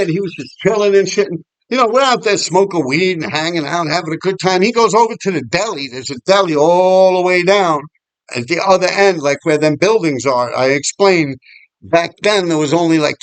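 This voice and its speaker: A swearing, rambling middle-aged new guy from New York City speaks in a high voice at a moderate pace, in a dry recording. He's a graffiti writer vlogger telling stories casually outdoors on a walking path, swearing a lot and laughing often.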